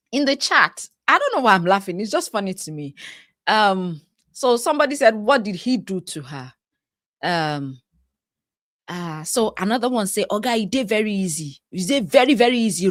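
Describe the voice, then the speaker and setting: A woman, a life coach giving reaction commentary on a viral video, animated, laughing often and acting out the people she quotes. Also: high-pitched, no room sound, clean studio sound.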